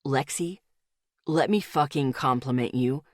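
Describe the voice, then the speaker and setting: A woman voicing an earnest, protective teenage boyfriend in an audiobook, speaking low, soft and intimate. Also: normal speed, dry recording, clean studio sound. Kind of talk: audiobook character voice.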